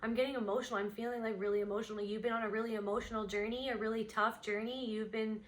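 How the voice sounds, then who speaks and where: A woman with a fairly high voice leads an unscripted tarot card reading. She wanders from thought to thought, voicing each intuitive impression the moment it arrives. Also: level tone, fast talker. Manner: meandering and intuitive, voicing impressions as they come.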